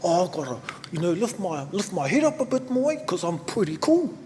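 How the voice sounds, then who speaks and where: A man's voice: high-pitched, sing-song, a little fast, dark tone, big-room sound, pitched above the performer's own voice. A man with a New Zealand accent voicing a cheeky, proud ten-year-old boy who asks eager questions. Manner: eager, questioning, ends with 'eh, sir'.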